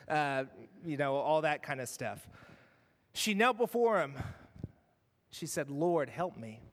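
High-voiced pastor preaching in a church, earnest, loud then hushed, long echo. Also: male voice. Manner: earnest, dramatic shifts between loud and hushed. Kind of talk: sermon.

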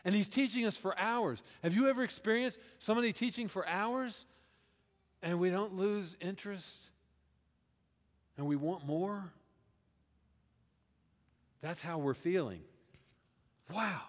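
This male pastor's voice sits high, and he preaches at a measured pace with long pauses. Speaking in the first-person plural, he brings a scripture story to life for his congregation as if they were there, asking them questions along the way. It was recorded in a church sanctuary with a reverberant hall sound.

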